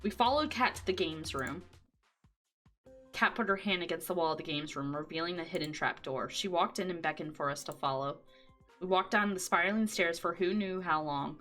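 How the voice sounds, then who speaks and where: A woman streamer reading out the narration of a dating game live, in a calm, lowered voice. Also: normal speed, faint music behind.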